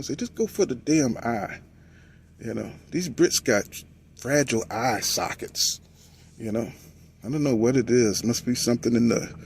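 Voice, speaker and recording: A man talking casually about boxing, telling the story with lively delivery and mocking voices for the people he quotes. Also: mid-range voice, slight background noise. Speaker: boxing commentator.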